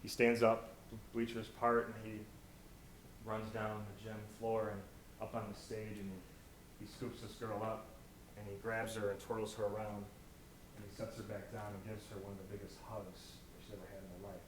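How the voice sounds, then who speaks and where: A man's voice: lowish voice, flat delivery, moderate pace. Man telling stories in an echoey hall. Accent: American. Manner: storytelling, swings from hushed to loud. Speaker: motivational speaker. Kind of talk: inspirational stage talk. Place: college auditorium. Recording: echoey auditorium, faint noise.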